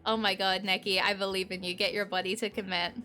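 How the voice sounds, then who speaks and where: A woman's voice: medium pitch, little pitch movement, fast talker, bright, forceful tone, soft background music. A young woman streaming a game, gushing and rambling with many filler words as she comments and reads aloud.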